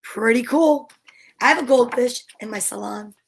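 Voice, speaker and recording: A woman reading picture books aloud to children, gentle and encouraging, asking questions and counting along with them. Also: a little high, normal speed, vocal fry, slightly rough. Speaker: children's story reader.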